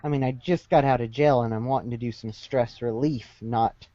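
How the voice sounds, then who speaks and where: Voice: medium pitch, steady tone, normal speed, dark tone, no echo, highs cut off. A player in a tabletop game, talking casually in a wry, fretful way.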